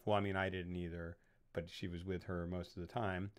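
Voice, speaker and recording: A man's voice: sits low, flat delivery, brisk, clear, resonant tone. A man on a casual film podcast, rambling as he retells movie scenes. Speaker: podcast co-host.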